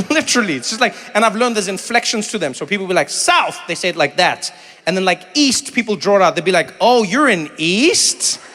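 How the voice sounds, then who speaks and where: A man from South Africa works a crowd in a big hall, his voice high and bright. He tells animated stories and slips into quick impressions of other people. Long reverb trails behind him, with faint room noise underneath. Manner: animated storytelling, mimics voices, chats with audience. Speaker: stand-up comedian. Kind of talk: stand-up comedy with crowd work. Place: large venue with live audience.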